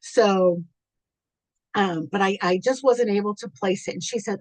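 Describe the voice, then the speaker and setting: A woman business coach giving an unscripted, heartfelt thank-you talk, chatty, full of ums and quick to laugh at herself. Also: mid-range voice, a little mellow, no room sound. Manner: tearful and moved toward the end. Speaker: business coach and podcast host.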